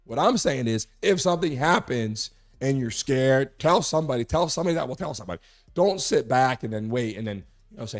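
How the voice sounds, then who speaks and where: A hoarse man hosting a live sports talk show, talking emphatically and repeating his point to make it clear. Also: medium pitch, animated, brisk. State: hoarse, recovering from a lost voice.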